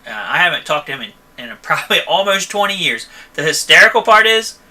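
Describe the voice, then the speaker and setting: A man's voice: fairly high pitch, very animated, quick pace, bright, forceful tone. A man who runs a van repair shop, hosting a casual live stream and answering viewer questions in a rambling, chatty way, often tagging "okay?" and "you know.".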